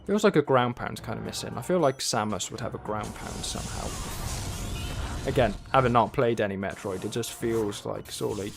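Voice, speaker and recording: A man's voice: on the low side, a little fast, vocal fry. Male game streamer, casual wry self-talk while playing, faint music underneath. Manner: rambling, wry, talks to himself and the game. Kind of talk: casual gameplay commentary.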